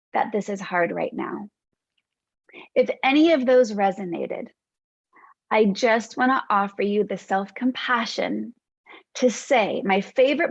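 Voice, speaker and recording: A woman hosting a reflective podcast monologue, speaking in a gentle, reassuring way as a counselor to her listeners. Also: on the high side, gravelly, no room sound, lo-fi sound. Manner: gentle, reassuring, unhurried lists.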